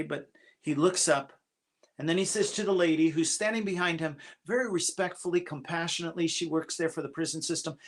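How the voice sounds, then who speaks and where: A man's voice: a little high, fairly bright tone. A man with a slightly raised voice tells a personal story at a church gathering. He speaks earnestly and confessionally, stumbling and repeating his first words as he goes. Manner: halting, often repeats opening words.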